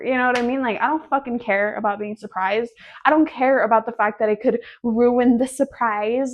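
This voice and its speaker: A woman's voice: fairly high pitch, moderate pace. A woman in her twenties hosting her own podcast, talking straight to listeners in a loose, chatty way. She is sassy and swears freely, drifting from topic to topic before reeling herself back in. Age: 20s. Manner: sassy, profane and rambling. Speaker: podcast host. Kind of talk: casual solo podcast chat. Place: at home in her apartment.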